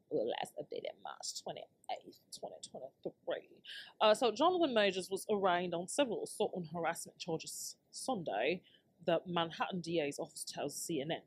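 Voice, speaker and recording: A woman in her thirties hosts a solo podcast in a loose, unscripted rant. Her voice sits a little low, and she drifts between topics, swears freely and keeps laughing at herself while talking straight to her listeners. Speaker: podcast host.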